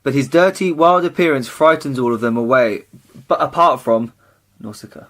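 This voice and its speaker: A man's voice: medium pitch, moderate pace, fairly bright tone. A man co-hosting a casual podcast, reading a summary aloud with dry, teasing asides. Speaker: podcast co-host.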